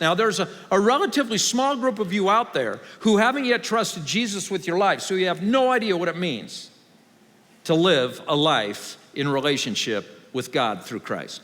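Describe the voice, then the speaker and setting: Brief: male pastor, slightly higher voice, wry sermon delivery, long church-hall reverb. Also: sharp tone. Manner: conversational, wry preaching that builds to raised emphatic passages.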